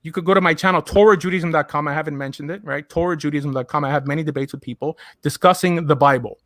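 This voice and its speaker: A man acting as rabbi in a debate, speaking in a measured, deliberate way. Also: on the high side, a bit bright, no room sound, clean studio sound.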